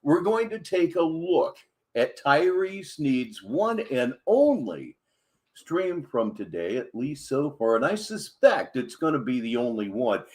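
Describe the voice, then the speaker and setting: A man's voice: medium pitch, very animated, measured pace, darkish tone. A man hosting a livestream, commenting with a wry, sarcastic delivery at a desk microphone. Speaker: host.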